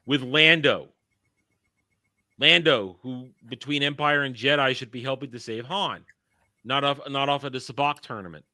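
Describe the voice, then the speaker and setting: Podcast host, male, blunt ranter, bright close voice. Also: mid-range voice, moderate pace, no echo. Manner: blunt, ranting, profane. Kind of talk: casual panel chat.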